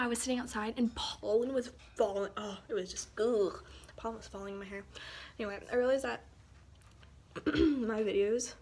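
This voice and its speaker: A teenage girl student chatting casually to camera, rambling, sighing and often dropping into soft near-whispers. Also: medium pitch. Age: teens. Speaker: student vlogger. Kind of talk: casual chat.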